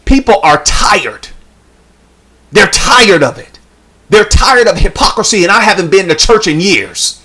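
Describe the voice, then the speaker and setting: A woman's voice: medium pitch, animated, a little slow, a bit bright, breathy edge. A woman YouTube commentator talking straight to her viewers, with the emphatic cadence of a sermon and lots of repeated phrases. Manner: casual, colloquial address to viewers. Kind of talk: preachy social commentary.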